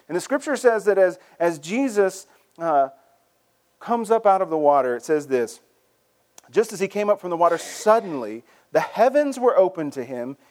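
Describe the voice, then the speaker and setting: A man preaching a sermon as pastor, in a conversational, animated way, often repeating words as he starts a phrase. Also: high voice.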